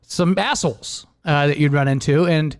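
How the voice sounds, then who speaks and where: A man's voice: fairly high pitch, normal speed. A young adult man hosting a podcast, telling a rambling story in casual chat and laughing often. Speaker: podcast host.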